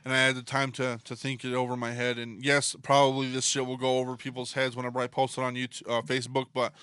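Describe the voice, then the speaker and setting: A man's voice: medium pitch, completely flat delivery, fast, sharp tone, smooth, dry recording, clean studio sound. A man co-hosting a podcast, ranting heatedly in casual talk and swearing constantly. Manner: swears constantly, fired-up and emphatic. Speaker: podcast co-host.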